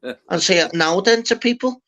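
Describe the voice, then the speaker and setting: A man's voice: high voice, fairly quick, crowd noise. A young man with a Liverpool accent hosting a live online panel in casual chat, rambling and swearing, often asking "do you get me". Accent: Liverpool (Scouse). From Liverpool, England. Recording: slightly muffled online call audio.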